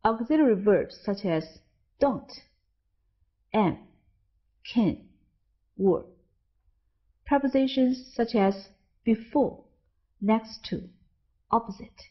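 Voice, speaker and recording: A woman narrating a scripted English lesson, reading word lists in a slow, deliberate way. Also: a little high. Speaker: English teacher. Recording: dull lo-fi audio.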